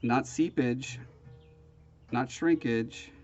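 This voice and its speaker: A man's voice: medium pitch, extremely slow, darkish tone, highs cut off, soft background music. A man with a sniffly, nasal voice, hosting a casual hands-on crafting tutorial in a self-deprecating, rambling way. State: sniffly, congested. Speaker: crafting show host.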